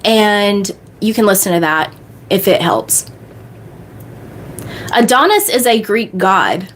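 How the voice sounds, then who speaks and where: A woman coach answering viewer questions on a livestream in a bubbly, fast way. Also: medium pitch, big pitch swings, a little hiss or hum. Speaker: manifestation coach.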